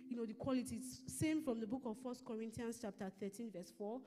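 A woman with a Nigerian English accent giving a measured Bible lesson at a church service, reading scripture slowly and explaining it. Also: fairly high pitch, dark tone, long reverb tail. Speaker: church minister teaching a lesson. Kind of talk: sermon-style Bible teaching.

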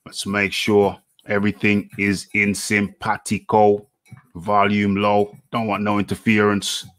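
Male boxing show host, slow and flat, low voice, dry close sound; chatty, repeats lines. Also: no room sound. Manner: chatty, repeats phrases, narrates his setup. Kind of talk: live online interview show.

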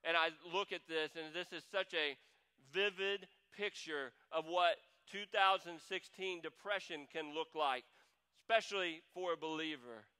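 A man preaching a sermon as pastor, swinging between hushed, heavy lines and loud pleading, and reading scripture aloud. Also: high-pitched, smooth, rough recording. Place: church sanctuary.

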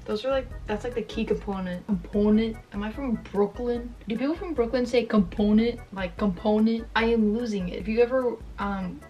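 A woman's voice: a little high, brisk, hardly any pauses, distant mic, highs cut off. Young female YouTuber, rambling self-mocking chatter, faint music underneath. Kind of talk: casual chat while painting.

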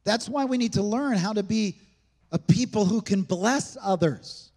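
High-voiced pastor preaching in a reverberant hall. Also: male voice, unhurried, darkish tone. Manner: emphatic, conversational preaching with rhetorical questions. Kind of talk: sermon. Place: church sanctuary.

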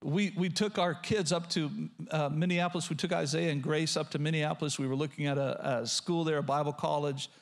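A middle-aged pastor preaches with a notably high, light voice. He slows down to read scripture line by line and keeps coaching his congregation to underline and write things down. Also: fairly even intonation. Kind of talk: sermon.

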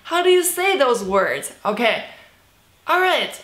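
A woman from China with a Chinese accent, teaching a cheerful online language lesson, laughing often and repeating words slowly for practice. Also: sits high, sing-song, a bit bright, reverberant. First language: Mandarin Chinese.

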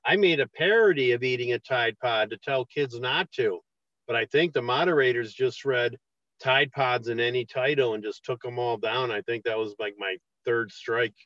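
A man's voice: mid-range voice, normal speed, no echo, highs cut off. A man guest in a casual podcast interview, telling stories loosely and with a lot of swearing. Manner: loose storytelling, profane, lively put-on voices.

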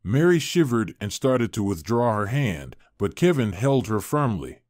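Guy reading a fairy tale out loud, expressive and measured, super dry mic. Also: medium pitch, no room sound. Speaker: narrator. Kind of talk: storybook narration.

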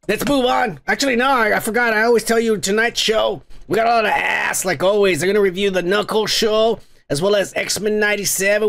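A podcast host man delivers a grumbling, profanity-laced rant. His voice sits fairly high and carries a rough, gravelly fry. He sounds irritable throughout, cursing constantly as he talks. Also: fairly bright tone. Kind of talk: profane ranting monologue.

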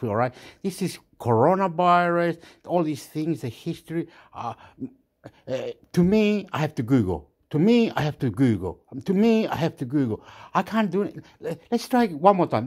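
A man rambling and swearing in a casual monologue, dropping into now and then. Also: a little high. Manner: swearing, rambling, mixes English and Spanish.

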